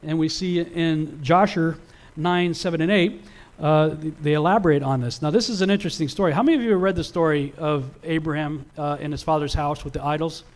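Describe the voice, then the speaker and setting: A man's voice: fairly high pitch, fairly quick. A man giving a casual Bible teaching presentation, talking conversationally with fillers and restarts.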